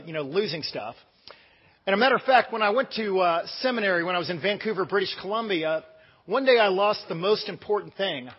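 Middle-aged american guy preaching, chatty and rambly with lots of uhs, kinda high voice, muffled, big echoey church. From United States. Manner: conversational storytelling with many fillers and restarts. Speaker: pastor. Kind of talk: casual sermon.

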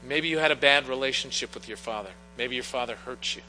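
Middle-aged pastor man telling stories in his sermon, bright voice, long echo in the church, bit of hum. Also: medium pitch, fast, faint music behind. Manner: earnest, storytelling with personal anecdotes. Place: church sanctuary. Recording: long church reverb, faint mains hum.

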